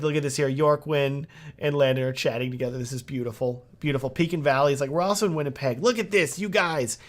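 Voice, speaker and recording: A man in his thirties hosting a casual livestream, answering viewer questions in a relaxed, chatty way. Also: medium pitch. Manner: casual and chatty, reads viewer comments aloud. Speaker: wedding filmmaker and livestream host.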